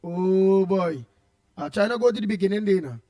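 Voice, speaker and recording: A Trinidadian man hosting a morning radio show, rambling playfully with bursts of loud greetings. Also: sits high, normal speed, dry recording. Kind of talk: casual call-in radio chat.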